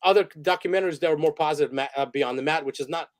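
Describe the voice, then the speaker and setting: Guy with a pretty high voice, rambling and swearing through his stories on a podcast. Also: rapid-fire. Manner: rambling, profane, laughs while telling stories. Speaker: interview guest, photographer and director. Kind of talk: casual storytelling interview.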